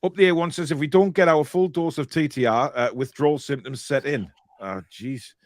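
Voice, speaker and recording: A man's voice: on the high side, a little fast, no echo, studio quality. A middle-aged man co-hosting a casual live stream, reading out viewer comments in a jokey, rambling way with many restarts.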